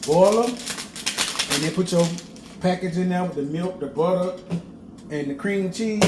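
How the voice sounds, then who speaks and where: A man's voice: sits high, unhurried, long pauses. A man chatting casually while cooking in his home kitchen, playful and sing-song, laughing often, filmed by a camera set at a distance. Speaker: cooking vlogger. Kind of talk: casual cooking vlog chat. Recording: echoey kitchen with background noise.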